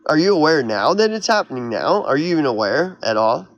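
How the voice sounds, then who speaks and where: A man's voice: a little high, very animated, a little fast, dry recording, muffled recording. A man from Oklahoma, a YouTuber, delivering a heated, sarcastic vlog rant in a mocking, exasperated manner. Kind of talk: ranting vlog monologue.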